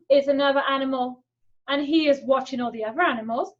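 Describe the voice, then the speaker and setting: A woman teaching sign language to children in an animated, playful way, gasping at each find and making animal sounds. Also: sits high, normal speed, dull audio. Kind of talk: children's lesson.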